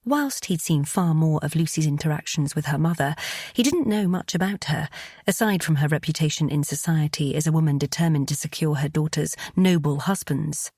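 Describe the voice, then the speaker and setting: A woman reading a romance audiobook with a low, husky voice. Her storytelling is calm and even. The recording is close and dry. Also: fairly quick, no echo. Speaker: audiobook narrator. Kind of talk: scripted romance narration.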